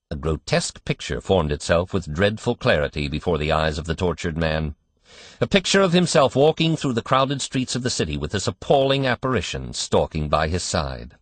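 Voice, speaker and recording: A male audiobook narrator with a fairly low, husky voice, telling the story expressively. His pitch rises and falls widely, and the sound is dry and close. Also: big pitch swings, moderate pace, no room sound. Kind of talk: scripted narration.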